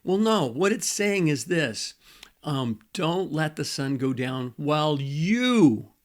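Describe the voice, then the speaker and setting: Older pastor coaching couples, slightly high voice. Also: male voice, animated, slow pace. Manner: conversational, repeats key points, frequent fillers. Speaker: Christian marriage coach and pastor. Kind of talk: teaching to camera.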